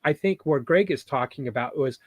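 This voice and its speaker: A man's voice: mid-range voice, expressive, brisk, darkish tone, no room sound. A man co-hosting a casual podcast, explaining ideas in a loose, hesitant way with many restarts. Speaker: podcast co-host.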